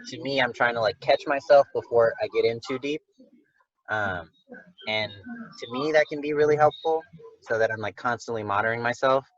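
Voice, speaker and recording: A man's voice: mid-range voice, a bit bright. A man leading a casual group discussion, speaking in a rambling way with many fillers and restarts. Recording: dull lo-fi recording.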